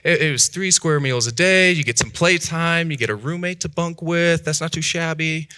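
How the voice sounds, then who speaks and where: A man telling his own life story in a talk, animated, jumping high in pitch and dropping to hushed tones as he acts out voices. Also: moderate pace, clean tone, dry recording, studio quality. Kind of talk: dramatic personal storytelling talk.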